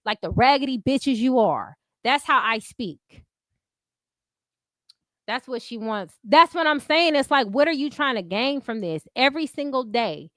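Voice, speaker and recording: Blunt high-voiced woman ranting. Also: a bit bright, dry recording, studio quality. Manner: blunt, heavy profanity, repeats catchphrases. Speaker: commentary streamer host. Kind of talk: unscripted commentary rant.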